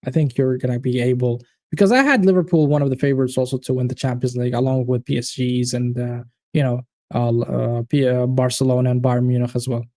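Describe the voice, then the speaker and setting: A man's voice: mid-range voice, steady tone, fairly quick, a little mellow, no room sound, clean studio sound. A man hosting a live football watchalong, chatting casually and animatedly with viewers, swearing and calling them by name. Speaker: watchalong host. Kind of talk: casual live-stream chat.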